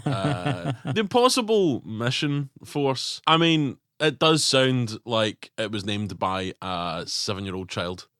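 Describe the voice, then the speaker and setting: A man co-hosting a podcast, chatting casually about a film with lively, joking, sweary enthusiasm. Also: mid-range voice, slow, hardly any pauses, no room sound, clean studio sound. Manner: animated, sweary, jokey. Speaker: podcast co-host.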